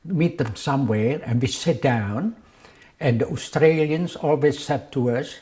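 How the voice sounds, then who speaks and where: Slow-spoken elderly man in simple English. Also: mid-range voice, dark tone. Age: older. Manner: non-native English phrasing, repeating words as he searches. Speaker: war veteran interviewee. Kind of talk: reminiscing in an interview.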